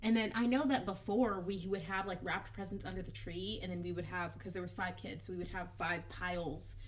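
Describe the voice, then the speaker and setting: A young woman co-hosting a casual chat, relaxed, asking questions and laughing often. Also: on the low side, fairly quick, slight background noise. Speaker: podcast co-host.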